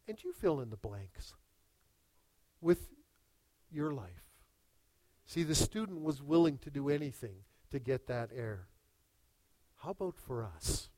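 A man preaching a sermon who tells stories dramatically, dropping to hushed lines and rising to loud, urgent ones. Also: on the high side, very animated, a little slow, dry recording, rough recording. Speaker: pastor.

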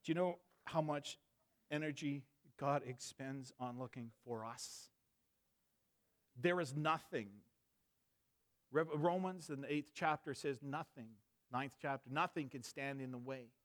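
A man in his thirties preaching a sermon, moving between quiet storytelling and fervent emphatic preaching. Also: medium pitch, a little slow. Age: 30s.

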